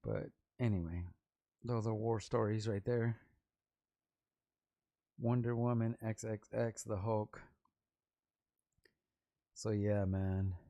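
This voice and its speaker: A man's voice: fairly low pitch, slow, pauses often, no room sound. Rambling, slangy man telling stories. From Los Angeles. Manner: rambling, slangy, animated storytelling with restarts and quoted voices. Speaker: vlog host, rapper. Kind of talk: casual storytelling vlog.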